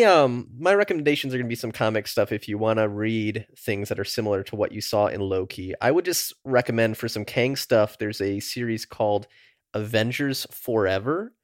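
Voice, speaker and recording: A man's voice: on the low side, no echo, studio quality. A man co-hosting a nerdy podcast, chatting casually and swearing freely. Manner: laid-back, swears casually. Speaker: podcast co-host. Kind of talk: casual chat.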